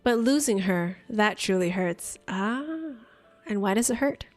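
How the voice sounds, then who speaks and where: A woman's voice: mid-range voice, measured pace, soft background music, voice pushed down, natural voice. A woman reading aloud as a guilt-ridden, lonely young man from a dating game. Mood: sorrowful.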